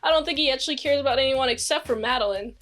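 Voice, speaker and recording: A woman's voice: high-pitched, very fast, a bit bright. A woman casually recapping a TV episode in a rambling, chatty way, acting out the characters' lines as she goes. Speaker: series reviewer.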